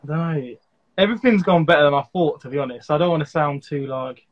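A man's voice: fairly high pitch, fast. A man speaking as a guest in a casual chat, modest and hesitant, with lots of fillers. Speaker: guest breeder. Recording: dull lo-fi sound.

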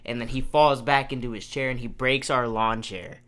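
A man's voice: mid-range voice, fairly even intonation, normal speed, a crowd in the background. A young man hosting a podcast, telling a story casually, acting out quotes and swearing freely. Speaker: podcast host.

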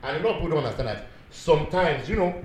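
A man with a Nigerian accent chatting casually as host, telling animated stories and slipping into Pidgin phrases. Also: a little high, very fast. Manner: animated storyteller who switches into Pidgin and Yoruba. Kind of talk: casual chat. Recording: echoey room with background noise.

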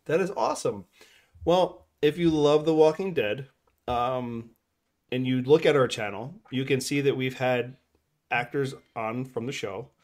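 Into a desk mic, this podcast host talks a little slowly in a mid-range, darkish voice. He rambles and laughs a lot during the casual chat, which plays like a relaxed live stream.

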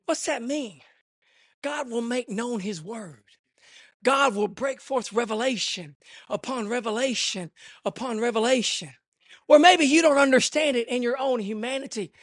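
Fervent high-voiced male preacher. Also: measured pace, dry recording, clean studio sound. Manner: swings between shouted fervor and hushed, intimate asides. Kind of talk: impassioned sermon.

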